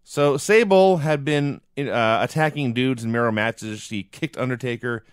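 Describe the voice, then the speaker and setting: A man's voice: medium pitch, measured pace, smooth, no room sound. A man hosting a podcast, recapping old shows in a dry, wry casual manner. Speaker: podcast host.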